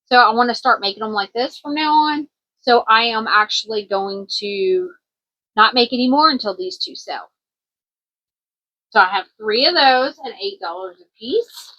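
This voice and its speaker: A woman's voice: fairly high pitch, expressive, normal speed, sharp tone, muffled recording. A woman from Kentucky with a country twang, chatting casually in a craft vlog as a small business owner, rambling a little with plenty of ums. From Kentucky, USA. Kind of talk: casual show-and-tell vlog.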